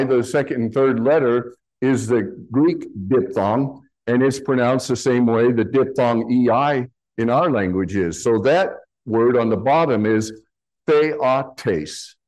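A pastor teaching a sermon, slowly explaining Greek words from slides in a patient, deliberate way. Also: male voice, medium pitch, a little mellow, rough recording.

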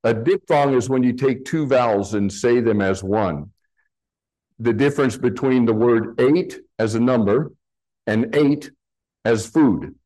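Man, pastor, sermon, unhurried, mid-pitched, teaching tone. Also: warm tone, low-quality recording. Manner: slow, teaching, explains Greek words with slides.

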